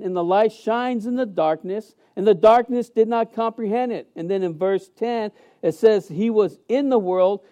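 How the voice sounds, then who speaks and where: A man preaching a sermon as pastor in a church sanctuary, emphatic and animated, with many fillers and restarts. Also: sits high, muffled recording.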